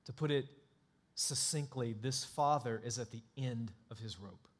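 A man's voice: mid-range voice, unhurried. Emphatic, dramatic male pastor preaching. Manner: emphatic, dramatic, swings from hushed to loud. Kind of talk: sermon.

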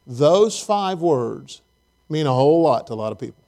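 A man preaching a sermon in a relaxed, conversational way, joking and talking directly to his congregation. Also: a little high, moderate pace, gravelly. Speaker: pastor. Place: church service.

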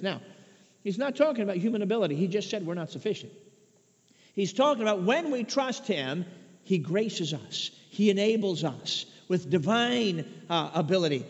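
A man from Chicago preaching a sermon, emphatic, swinging between loud declarations and hushed asides. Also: sits high, very animated, normal speed. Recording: dull lo-fi sound with long reverb.

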